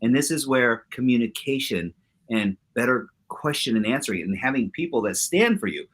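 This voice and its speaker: A man's voice: medium pitch, lively intonation, normal speed, fairly bright tone, slightly rough. A man co-hosting a casual talk show, speaking emphatically and acting out quotes from his stories. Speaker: co-host. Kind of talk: casual chat.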